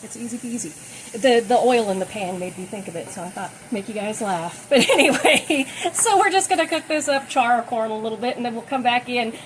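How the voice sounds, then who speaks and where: A woman's voice: on the high side, expressive, brisk, hardly any pauses, slight background noise, rough recording. A woman giving a casual, chatty cooking demonstration in her home kitchen, talking while she works. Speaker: cooking vlogger.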